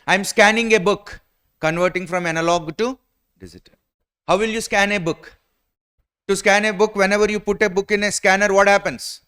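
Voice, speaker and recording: A man's voice: high-pitched, sharp tone, clear, resonant tone. A man with an Indian English accent giving an exam-prep lecture, often asking rhetorical questions and repeating his points.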